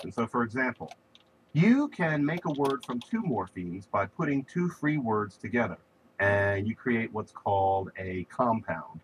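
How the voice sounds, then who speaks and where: A man's voice: mid-range voice, slight background noise, poor audio. A man giving a recorded lecture on linguistics, explaining ideas through spoken examples and stressing key words.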